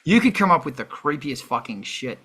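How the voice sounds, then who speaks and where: A man hosting a casual livestream chat, rambling and animated with many fillers and restarts. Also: fairly high pitch, a little fast, slightly rough. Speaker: host.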